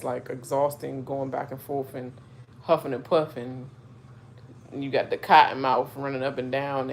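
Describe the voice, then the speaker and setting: A woman's voice: rumbling low, creaky. A woman chatting casually on a live reaction stream, rambling with lots of fillers and asides. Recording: faint background noise.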